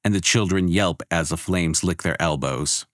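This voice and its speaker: A man with a very low, slightly bright voice narrates a fantasy story in a wry, measured manner. The recording is dry and close to the mic.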